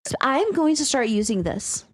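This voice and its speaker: A woman co-hosting a podcast in casual chat, excitable and casually profane, reading bits aloud. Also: sits high, moderate pace. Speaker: podcast co-host, teacher.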